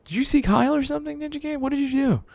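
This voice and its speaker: A man's voice: extremely high pitch, quick pace, vocal fry, no room sound. A man co-hosting a reading stream, joking and swearing freely in casual chat. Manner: lively, jokey, swears freely. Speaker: co-host and stream moderator.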